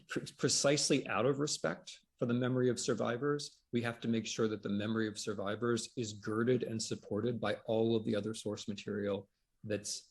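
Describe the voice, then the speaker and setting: A man's voice: medium pitch, breathy edge. A man speaking as a historian on a panel, reflective, with frequent restarts and repeated words. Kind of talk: conversational panel discussion.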